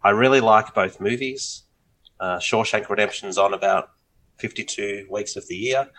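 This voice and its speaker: A man's voice: lowish voice, normal speed, fairly bright tone, a little hiss or hum, low-quality recording. A man, co-hosting a podcast in casual chat, upbeat and teasing. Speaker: podcast co-host.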